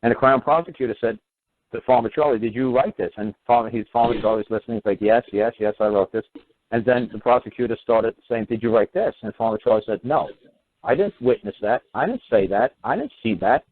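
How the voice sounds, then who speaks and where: A male talk show host telling a long story in a casual way, acting out the other people's lines in animated quoted voices. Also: a little fast, phone-quality sound, slight background noise. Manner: animated, acts out quoted voices with rising pitch.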